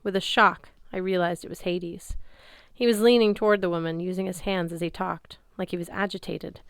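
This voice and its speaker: A woman narrating a story in the first person with steady, expressive reading. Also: fairly low pitch, normal speed, clean tone, no echo, studio quality. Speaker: audiobook reader.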